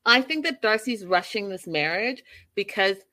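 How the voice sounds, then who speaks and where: A woman casually recapping a reality show, telling the story in an animated, opinionated way. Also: medium pitch, normal speed.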